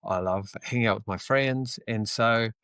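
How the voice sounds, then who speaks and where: A man's voice: fairly low pitch, normal speed, a bit bright, clean tone, no room sound. A middle-aged man from New Zealand with a New Zealand accent, giving an earnest, reflective motivational talk on a live stream, with the odd casual swear. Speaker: livestream host.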